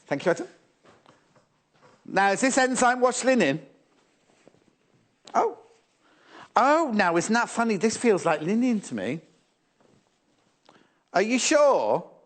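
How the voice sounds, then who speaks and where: A man's voice: high-pitched, big pitch swings, takes it slowly, pauses often, fairly bright tone. A man presenting fabrics live on a shopping channel, chatty and teasing, often repeating prices and stock levels.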